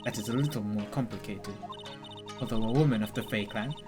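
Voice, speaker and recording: A man's voice: fairly low pitch, brisk, over loud music, lightly acted. A man voicing a formal, stern older woman from a game, reading her dialogue aloud in an archaic, scolding manner. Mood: solemn.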